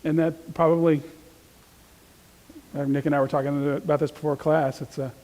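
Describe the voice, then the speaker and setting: A man teaching a church Bible study, chatting casually and reading scripture aloud with lively emphasis. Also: a little high, moderate pace, big-room sound, low-quality recording. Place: church classroom.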